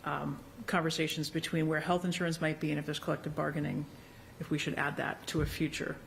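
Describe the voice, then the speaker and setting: A man at a town board meeting argues firmly for a position the board took earlier. His voice sits fairly high and has a gravelly edge, with faint noise behind it. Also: completely flat delivery, fast talker, a bit bright. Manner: firm, argumentative. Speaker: board member. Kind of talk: meeting discussion.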